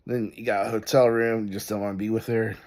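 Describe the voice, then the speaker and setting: A man's voice: on the low side, little pitch movement, fairly quick, a little mellow. Rambling man telling a story. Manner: rambling, full of "like" and "uh". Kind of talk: casual storytime commentary.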